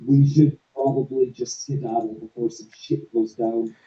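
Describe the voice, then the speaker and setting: A man chatting casually as a player in a tabletop game, joking and expressive. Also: mid-range voice, moderate pace, echoey room, dull audio.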